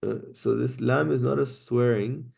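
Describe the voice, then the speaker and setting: A man teaching Quranic Arabic grammar in a class, explaining patiently step by step and reciting Arabic phrases quickly. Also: mid-range voice, steady tone, creaky, darkish tone.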